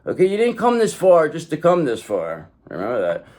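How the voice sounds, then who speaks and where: A man reading tarot cards in a casual monologue, animated, talking straight to the viewer and swearing now and then. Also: a little high, brisk. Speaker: tarot reader.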